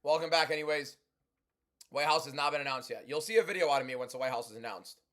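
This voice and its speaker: Loud, chatty young man on a livestream. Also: fairly high pitch, quick pace. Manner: loud, chatty, reads and answers chat. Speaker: livestream host. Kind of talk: casual livestream commentary.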